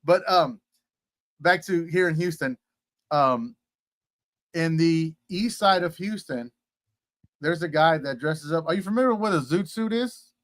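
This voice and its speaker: A man's voice: a little high, lively intonation, a little slow, pauses often, a bit bright, no echo. A man from Texas, a guest on a casual interview, telling rambling stories full of fillers and playful asides. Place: at home in Houston.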